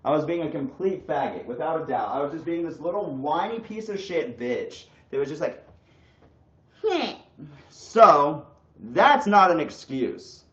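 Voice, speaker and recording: A young man ranting bluntly and crudely on a casual livestream, his voice swinging from loud bursts to low mutters. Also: animated, a little fast, hardly any pauses. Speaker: streamer. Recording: echoey room, dull lo-fi sound.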